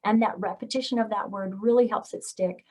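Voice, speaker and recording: A woman's voice: mid-range voice, brisk. A middle-aged woman speech-language pathologist giving a parenting talk with slides, acting out sing-song examples of talking to a toddler. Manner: animated when acting out parent-child examples.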